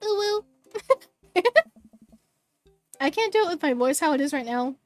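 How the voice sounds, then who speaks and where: A woman's voice: high voice, animated, fast, a little mellow, no echo, faint music behind. A woman streaming a game at home, giggly and rambling, on a desk mic. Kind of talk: casual game commentary.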